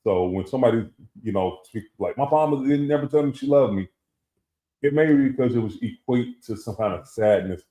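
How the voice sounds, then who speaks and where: A man's voice: mid-range voice, a little fast, warm tone. A middle-aged man co-hosting a casual talk show and telling a personal story, acting out the voices he quotes. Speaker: co-host. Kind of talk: casual chat. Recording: echoey room.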